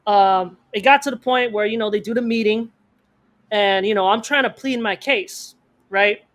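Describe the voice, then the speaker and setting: A man co-hosting a podcast, telling a story in casual slang, animated and acting out the people in it. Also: high-pitched. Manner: fast bursts of speech, slang-heavy. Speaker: podcast co-host.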